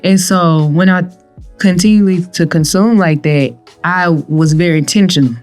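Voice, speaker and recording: Animated young woman telling her story. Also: fairly low pitch, measured pace, soft background music. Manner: animated, acts out her own quotes and others' voices, laughs often. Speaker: guest, cannabis entrepreneur with a pharmacy doctorate. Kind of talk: personal storytelling in a podcast interview.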